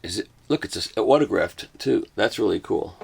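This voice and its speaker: A man's voice: fairly low pitch, animated, moderate pace, vocal fry, slightly rough. An older man hosting a casual unboxing, rambling through each item with self-mocking jokes and asides. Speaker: host reviewing a record box set.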